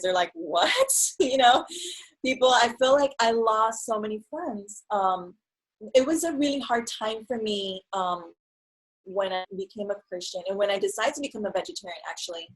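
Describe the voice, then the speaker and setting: A young woman in casual conversation, telling her story in an animated way and acting out what others said. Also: medium pitch, low-quality recording. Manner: animated storyteller, acts out quotes. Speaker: guest.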